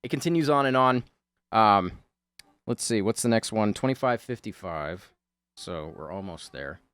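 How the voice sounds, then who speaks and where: A man's voice: fairly low pitch, animated, normal speed, a bit bright, smooth, no room sound. A man hosting a drawing video, rambling in casual chat, often laughing and swearing offhandedly. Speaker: video host.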